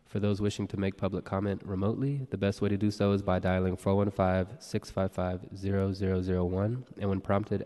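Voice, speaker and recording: A man working as a board clerk, calling the roll and reading meeting announcements in a brisk, procedural way. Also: low voice, mellow. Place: large legislative chamber. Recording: reverberant council chamber.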